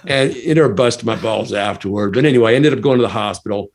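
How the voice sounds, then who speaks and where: A man's voice: lowish voice, fast, vocal fry. A middle-aged American man, a former stuntman, telling a story casually, laughing often and acting out quotes. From United States.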